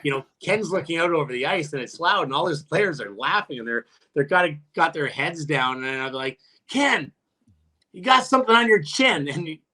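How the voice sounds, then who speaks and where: Brief: male podcast guest, ex-athlete, bright, somewhat high voice, profane and laughing. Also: fairly quick, hardly any pauses. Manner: profane, laughing storyteller with many restarts; jumps much higher when quoting his own taunts. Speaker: guest, retired hockey player. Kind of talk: casual podcast storytelling.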